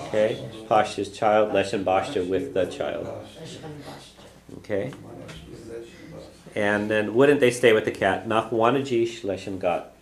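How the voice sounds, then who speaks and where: Patiently explaining a language lesson, a man has students repeat phrases after him and keeps checking in with "okay?". His lowish voice is fairly even and measured, with long pauses, recorded in an echoey room with class chatter.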